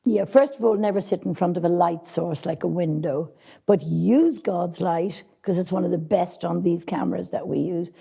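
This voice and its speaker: Gravelly, dark-voiced woman casting director. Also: lowish voice, normal speed. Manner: direct, practical, frank. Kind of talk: interview answers giving advice to actors.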